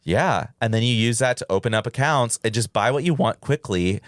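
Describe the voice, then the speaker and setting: A man's voice: mid-range voice, lively intonation, a little fast, no echo, studio quality. A man co-hosting a podcast, ranting in exasperated casual chat, swearing freely and acting out the people he quotes. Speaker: podcast co-host.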